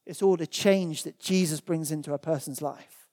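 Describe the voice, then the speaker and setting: Fields: Role: preacher. Style: sermon. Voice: mellow. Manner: earnest, emphatic, repeats words for stress. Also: mid-range voice, moderate pace.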